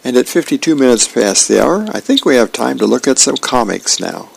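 Gravelly-voiced man reading comics on air. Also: medium pitch, animated, fairly quick, rough recording. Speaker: radio host.

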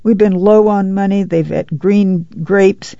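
A meek, ashamed mother pleads in a thin, whining voice pitched well up, as an audiobook reader puts her on. The sound is gravelly, dark and dry, from a dull lo-fi recording. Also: steady tone, unhurried, dry recording. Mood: pleading.

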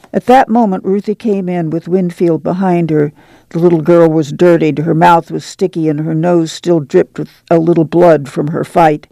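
Gravelly male audiobook narrator. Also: a little high, mellow, no echo. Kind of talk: scripted literary narration.

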